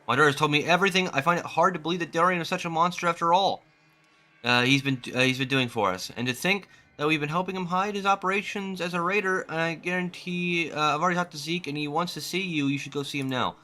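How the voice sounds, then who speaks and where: A grateful mother from a video game, speaking earnestly in a raised, high voice, put on by a man. The tone is bright and the delivery hurries along. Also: fast talker.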